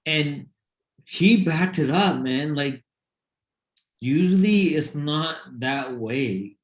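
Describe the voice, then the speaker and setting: A man co-hosting a boxing podcast in casual sports chat, rambling and excited, talking in bursts. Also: a little high, slow. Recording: roomy echo.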